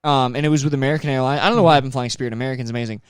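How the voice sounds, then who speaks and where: A young man co-hosting a podcast, talking in a loud, excitable, joking way with quick riffs. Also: medium pitch, smooth, no room sound, studio quality. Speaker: podcast co-host. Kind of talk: casual comedic chat.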